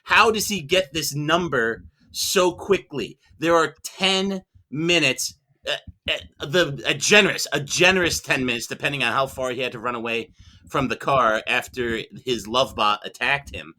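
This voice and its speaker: A man's voice: mid-range voice, a little slow, bright, forceful tone. A man arguing as a mock prosecutor on a movie podcast, sarcastic and full of rhetorical questions. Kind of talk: comedic mock-trial argument.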